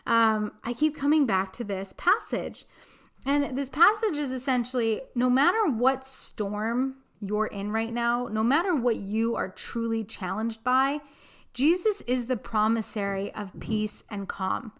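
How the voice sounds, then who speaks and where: A young woman hosting a spiritual podcast, telling a story in an earnest, animated way with casual fillers. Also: a little high, a little slow. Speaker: podcast host.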